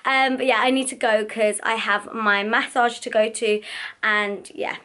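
A woman's voice: on the high side, flat delivery, measured pace, bright, forceful tone. A woman, chatting casually and rambling to camera in a vlog. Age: 20s. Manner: chatty and rambling, many fillers. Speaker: makeup vlogger. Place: out and about in London.

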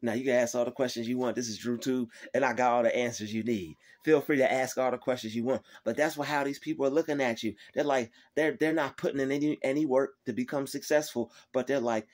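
A man's voice: medium pitch, quick pace, hardly any pauses. A man giving a faith-based motivational pep talk to his viewers, emphatic and repetitive, swearing freely as he drives his points home.

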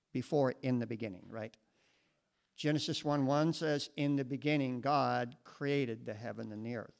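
Gravelly-voiced preacher teaching the Bible. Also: male voice, medium pitch, low-quality recording. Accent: American. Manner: conversational, asks the congregation questions. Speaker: pastor. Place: church classroom with audience. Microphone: moves away from the mic at times.

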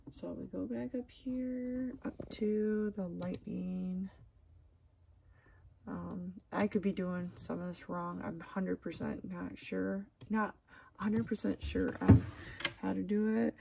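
A woman in her thirties casually walking through embroidery software at her home computer, hesitant and self-deprecating, with lots of ums. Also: medium pitch, fairly even intonation, takes it slowly, gravelly, a little hiss or hum. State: has the hiccups. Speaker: crafter demonstrating software. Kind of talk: casual screen-recorded tutorial.

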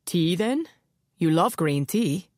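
A woman reading an audiobook, voicing a cool, hard-edged male soccer star in a low, firm voice. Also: lively intonation, slow, darkish tone, dry recording, clean studio sound.

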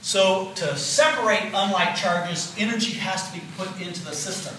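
A man's voice: sits high, normal speed, pushed and bright. A man in his sixties giving a physiology lecture, explaining step by step and checking in with "okay?" and "right?". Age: 60s. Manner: explanatory, repeats key points with "okay?" and "right?". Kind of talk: classroom lecture. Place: lecture hall. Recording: roomy lecture hall, mic at a distance, faint noise.

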